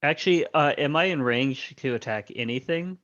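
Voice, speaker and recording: A man's voice: fairly high pitch, moderate pace, fairly bright tone, no echo, lo-fi sound. A man playing a tabletop game, talking hesitantly with many fillers and little laughs. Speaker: player. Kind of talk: casual tabletop game play.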